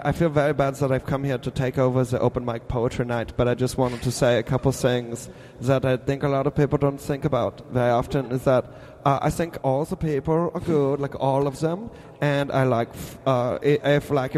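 A man's voice: medium pitch, fairly even intonation, darkish tone, voice pushed down. A man doing a rambling earnest open-mic poet. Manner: halting, filler-heavy, "like" every few words. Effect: added reverb.

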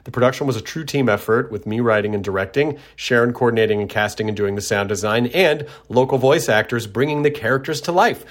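A middle-aged man from Tennessee chats loosely as a podcast host. He rambles, restarts his sentences and pokes fun at himself, and his voice sits at an average pitch. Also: fast talker, few pauses. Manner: rambling, self-deprecating, with frequent restarts. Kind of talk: casual chat.

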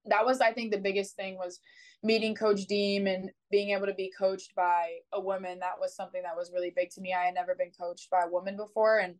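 A young woman, a college sprinter, telling her story in an interview, chatty and animated, with many "like" fillers. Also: mid-range voice, a little fast, low-quality recording. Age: young adult.

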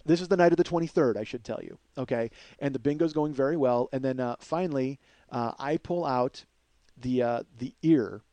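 A man telling a story as podcast host in an animated, profane, energetic way. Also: medium pitch, fairly quick, no echo.

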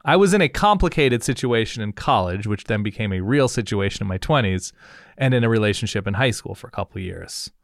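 A man's voice: lowish voice, lively intonation, no room sound, clean studio sound. A man in his thirties co-hosting a podcast, in casual chat, firing off probing questions one after another. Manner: probing, rapid-fire questions. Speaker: podcast co-host.

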